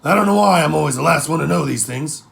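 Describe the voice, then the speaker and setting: A boastful, jolly pirate king, voiced by a man, blusters loudly with a raised, gravelly voice. He teases and exaggerates in this storybook reading. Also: a little high, animated, fast talker, full character voice. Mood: blustering. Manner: blustering, teasing.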